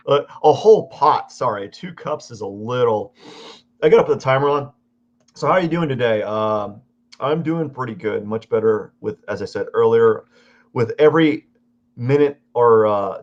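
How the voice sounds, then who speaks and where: A man chatting casually to his stream while he draws at home, rambling and correcting himself as he goes. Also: fairly low pitch. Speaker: live-stream artist. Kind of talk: casual live-stream chat while drawing. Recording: dull lo-fi audio.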